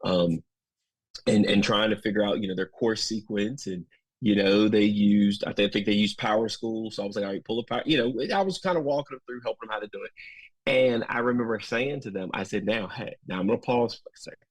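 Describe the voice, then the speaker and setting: A man with a Southern US accent, talking in his thirties with a low, husky voice. He tells folksy stories and acts out the lines of others with lively energy. The sound is dry and close. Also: fairly quick, no echo, rough recording. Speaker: podcast guest, school administrator. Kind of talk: casual interview storytelling.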